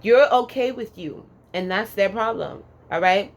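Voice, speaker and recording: A woman's voice: mid-range voice, a little slow. A woman giving a casual pick-a-card tarot reading in a sassy, profane, emphatic way, drawling words for emphasis and tagging lines with "okay?".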